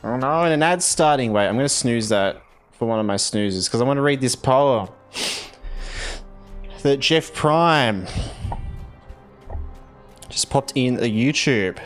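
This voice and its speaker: An Australian man hosts a game livestream at an unhurried, drawn-out pace. His voice sits in a middle register as he chats and reads verse aloud with playful drama. Faint game music plays underneath. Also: mid-range voice, lively intonation. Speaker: game streamer. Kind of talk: casual livestream chat, reading viewer messages aloud.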